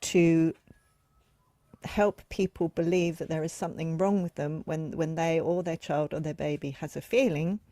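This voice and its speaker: A woman hosts a podcast in a low voice, explaining ideas reflectively and often affirming her guest. The recording is dry and close, with no room sound. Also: fairly even intonation, moderate pace, warm tone, dry recording. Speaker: podcast host. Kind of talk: casual conversational interview.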